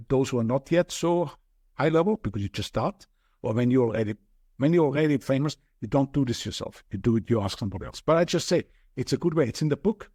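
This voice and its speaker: A man's voice: medium pitch, warm tone, slightly rough, no echo, clean studio sound. A man with an Austrian accent, speaking as a podcast guest in an earnest, explanatory way and often restarting his sentences. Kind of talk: podcast interview chat.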